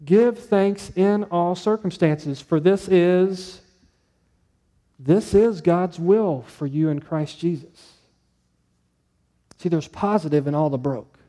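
A male pastor with a high, mellow voice, preaching in a chatty, story-driven way. His words ring out with a long hall reverb behind them, as in a church sanctuary. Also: takes it slowly, long pauses. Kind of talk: sermon.

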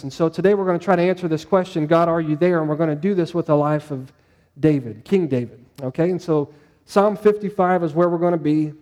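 Male pastor, slightly high mellow voice, chatty preaching style that draws in the congregation. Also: big-room sound. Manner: conversational, asks the congregation questions. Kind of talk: sermon.

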